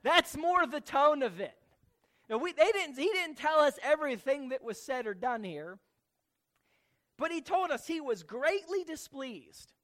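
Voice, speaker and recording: A preacher teaching a sermon from scripture, speaking slowly and deliberately, repeating key words and asking the listeners questions. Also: sits high, lively intonation, fairly bright tone.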